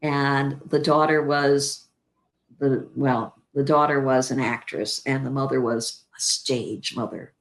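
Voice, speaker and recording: Her voice rumbles low and she talks slowly. She's an older actress from Chicago, appearing as an interview guest and bringing her stories to life by acting out the lines she quotes.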